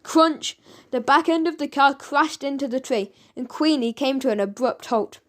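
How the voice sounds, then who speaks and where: A woman reading a children's audiobook aloud, lively and expressive. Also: high-pitched, moderate pace. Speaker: audiobook narrator.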